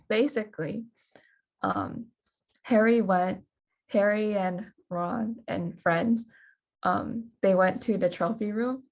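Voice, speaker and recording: A woman leading a book club discussion in a relaxed, unhurried way. She recaps casually, filling pauses with ums, and turns questions to the group. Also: mid-range voice. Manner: relaxed, many ums and likes, asks questions. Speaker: reading club leader.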